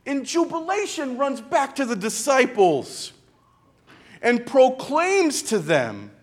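A male preacher delivers a sermon in a high, animated voice that rises and falls widely. He speaks slowly and dramatically, pausing often and dropping into hushed tones for emphasis. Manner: slow and dramatic, with pauses and quiet, hushed retellings.

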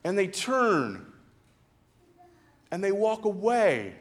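A man preaching a sermon, retelling a story slowly and dramatically, with pauses and hushed passages. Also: sits high, big pitch swings.

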